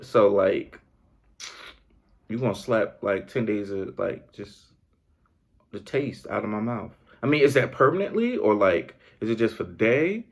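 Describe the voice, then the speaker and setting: A man hosting a podcast in a comedic monologue, incredulous and animated, laughing often. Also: fairly low pitch, a little slow. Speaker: podcast host.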